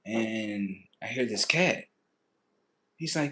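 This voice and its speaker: A man's voice: fairly high pitch, lively intonation, moderate pace. A man telling a story in a casual, profane, ranting way on his livestream.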